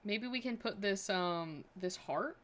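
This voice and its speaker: A woman streamer chats through her building session, musing aloud and trailing off with fillers as she decides. Her voice sits at a middling pitch, relaxed and conversational. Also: unhurried. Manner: thinking aloud, chatty, filler-heavy. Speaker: game streamer. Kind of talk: casual livestream chat.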